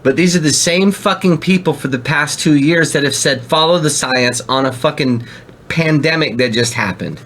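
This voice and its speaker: A man's voice: a little high, moderate pace, fairly bright tone. A man co-hosting a podcast, reacting to a video in casual chat, profane, exasperated and emphatic. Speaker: podcast co-host.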